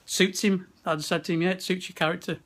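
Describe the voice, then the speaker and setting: A man's voice: high voice, level tone, quick pace, a bit bright. A young man from the of England, chatting casually and laughing into a handheld camera at a wrestling event, swearing often. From West Midlands, England. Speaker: vlogger. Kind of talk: casual chat. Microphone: handheld camera at arm's length.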